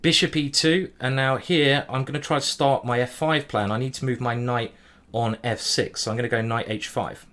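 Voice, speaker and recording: A man streaming a simultaneous chess display, thinking aloud move by move in a hurried way and humming as he ponders. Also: mid-range voice, fairly even intonation, fairly bright tone. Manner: hurried, juggling many boards. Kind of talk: live-stream chess commentary.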